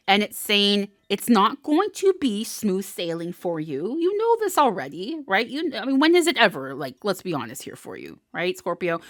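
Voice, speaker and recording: A woman gives a casual tarot reading to her viewers from home, chatty and encouraging, and she often repeats her key words. Her voice sits fairly low. The recording is dry and close, with almost no room sound. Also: fairly bright tone, no room sound. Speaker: tarot reader and channel host.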